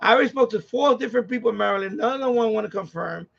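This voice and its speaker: A man's voice: high voice, rapid-fire, gravelly, fairly bright tone, breathy edge. A man with a New York accent hosting a ham radio live stream, venting in an exasperated, repetitive way, on dull lo-fi audio. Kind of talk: casual live-stream rant.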